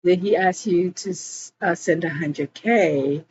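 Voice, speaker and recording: Woman, unhurried casual recapper, chatty asides; dull lo-fi recording with light background hiss. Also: fairly low pitch, a little mellow. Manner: chatty retelling peppered with "like" and "girl". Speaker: show recap reviewer.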